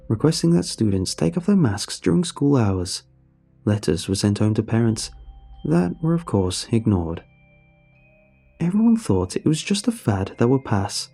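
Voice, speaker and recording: A man narrating a scripted horror story in a measured, storytelling manner. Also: lowish voice, vocal fry, warm tone, breathy edge.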